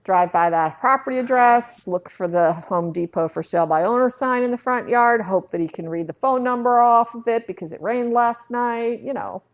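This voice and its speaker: A woman leading a real estate software training session, chatty and acting out little dialogues from her anecdotes. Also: a little high, normal speed, few pauses.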